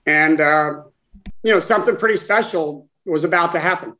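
A man in his sixties, a guest, telling a personal story in conversation in a halting, heartfelt way with many restarts. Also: on the high side, sharp tone, rough recording. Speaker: guest, former caddie for his father.

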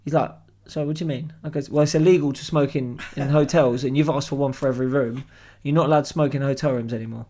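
A young man telling a story on a podcast in an animated, swearing way. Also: mid-range voice, fast, a little hiss or hum. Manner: animated, swears freely, acts out voices. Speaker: podcast co-host. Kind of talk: casual storytelling chat.

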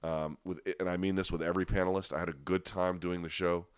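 A man with a deep voice and a stuffy nose chats casually with viewers on a live stream. He restarts sentences often and leans hard on his points. The sound is close and dry, with no room around it. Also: flat delivery, fast, clean tone, dry recording. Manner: conversational, frequent restarts and fillers, emphatic asides. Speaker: livestream host. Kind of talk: casual live chat answering viewer questions.

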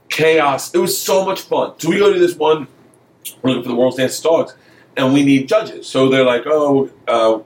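A man's voice: fairly high pitch, roomy sound, poor audio. A man telling a long comic story in casual chat, swearing often and acting out the voices of everyone in it. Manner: profane, animated, acts out every voice in the story. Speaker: comedian telling a story as podcast guest.

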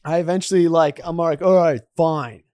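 A man's voice: on the high side, fairly even intonation, normal speed, darkish tone, no room sound, clean studio sound. A man telling an embarrassing story about himself on a podcast, laughing a lot as he goes. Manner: self-deprecating, laughing a lot. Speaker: podcast guest, comedian. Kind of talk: casual chat, storytelling.

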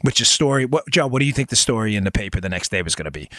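A man's voice: fairly low pitch, expressive, very fast, fairly bright tone, no room sound, clean studio sound. A middle-aged man from New York hosting a political commentary podcast, emphatic and firing off rhetorical questions to his listeners. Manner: emphatic, fires rhetorical questions, talks to "folks". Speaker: podcast host.

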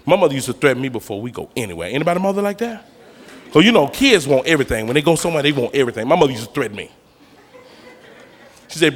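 Animated male stand-up comic on stage. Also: mid-range voice, rapid-fire, long pauses. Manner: animated storytelling, slangy, acts out characters. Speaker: stand-up comedian. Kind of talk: stand-up comedy routine. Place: comedy stage before a live audience. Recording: live club hall with crowd noise. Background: audience laughter.

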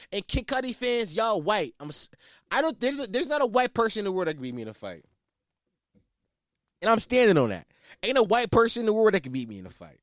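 A man's voice: high-pitched, no echo, studio quality. A man hosting a podcast, ranting in a brash, profane, boastful way. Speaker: podcast host. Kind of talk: casual comedic rant.

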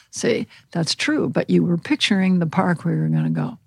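Gravelly-voiced woman explaining calmly. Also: lowish voice, brisk, no echo. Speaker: animal communication counselor. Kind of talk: podcast interview answers.

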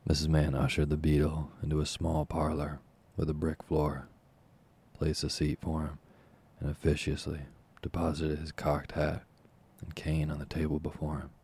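A man narrating a classic novel as an audiobook in a measured, formal storytelling manner. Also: a bass voice, completely flat delivery, darkish tone, slightly rough.

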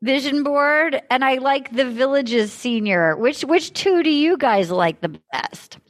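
A woman with a high voice hosts a loose comedy podcast. She is playful and laughs a lot, with casual swearing. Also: animated, a little slow. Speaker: podcast host.

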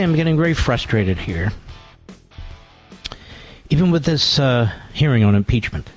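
A man's voice: mid-range voice, dry recording. A man hosting a talk radio show, delivering a combative, sarcastic monologue and mocking others in put-on voices.

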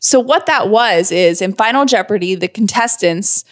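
A woman's voice: medium pitch, lively intonation, moderate pace. A woman co-hosting a podcast, chatting casually and getting emotional as she talks. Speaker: podcast co-host. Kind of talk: casual chat.

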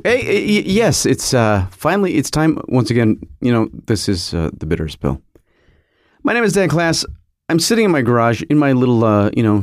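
A man's voice: medium pitch, no echo. A man hosting his podcast from a garage home studio, rambling and joking with lots of fillers and restarts. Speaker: podcast host. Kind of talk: casual rambling monologue.

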